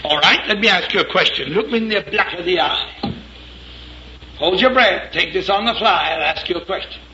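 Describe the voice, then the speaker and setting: A male minister telling a story in a sermon, animated and lively, slipping into acted voices. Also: sits high, moderate pace, noisy background. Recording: echoey lo-fi hall recording with audience.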